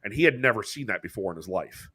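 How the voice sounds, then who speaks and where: An American man co-hosting a podcast, telling a story in casual chat with swearing and quick jumps in pitch when he quotes people. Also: animated, sharp tone, slightly rough. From United States. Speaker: podcast co-host.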